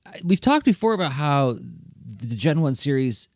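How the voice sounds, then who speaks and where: Animated, laughing man podcast host. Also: medium pitch, moderate pace, no echo, studio quality. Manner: animated, laughs often, many fillers. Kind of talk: casual podcast chat.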